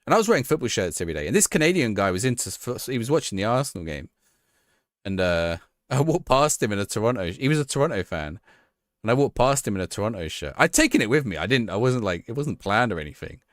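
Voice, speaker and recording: A man's voice: on the low side, sing-song, fast talker, no echo, clean studio sound. A man streaming a football management game live, reacting to the action and chatting with his viewers.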